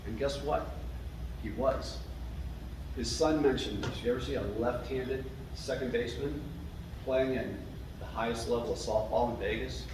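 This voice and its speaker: An emotional man gives a grateful acceptance speech, pausing between phrases. He is picked up from far off in a very echoey large hall. Steady room noise sits clearly under his voice. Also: mid-range voice. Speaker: hall of fame inductee.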